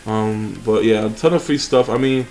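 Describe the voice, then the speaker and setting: Relaxed man rambling over game footage. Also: lowish voice, moderate pace, faint music behind. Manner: rambling, relaxed, fillers and restarts. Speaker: mobile game channel host. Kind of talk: casual gameplay commentary.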